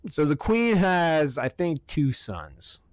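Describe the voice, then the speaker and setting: Excitable profane man ranting on a podcast. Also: fairly high pitch, takes it slowly, no echo, clean studio sound. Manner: profane, rambling, excitable rants. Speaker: podcast co-host. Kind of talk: casual podcast banter.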